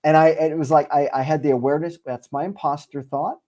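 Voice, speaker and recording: A man's voice: a little high, quick pace. A man, a speaker and author, telling a story in a conversational interview, acting out the voices of people in it. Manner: animated storyteller, acts out quoted dialogue. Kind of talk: conversational storytelling on a video call.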